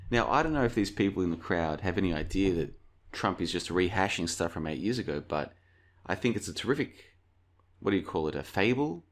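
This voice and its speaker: A man's voice: low-pitched, lively intonation, brisk. A man hosting a casual commentary video, rambling through anecdotes and calling his viewers folks. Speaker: video host.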